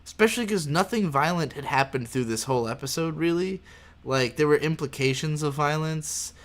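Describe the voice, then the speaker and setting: A man's voice: a little high, brisk. A man hosting a casual anime podcast, rambling through scene recaps and swearing for emphasis. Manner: rambling, many fillers and restarts, swears for emphasis. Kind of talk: casual chat.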